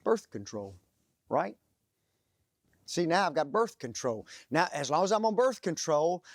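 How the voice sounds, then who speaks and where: Male preacher with a slightly high, dry-sounding voice; lively storyteller who prompts listeners to finish his sentences. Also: measured pace, pauses often, no echo. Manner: asks the audience fill-in-the-blank questions; animated storytelling. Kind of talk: sermon.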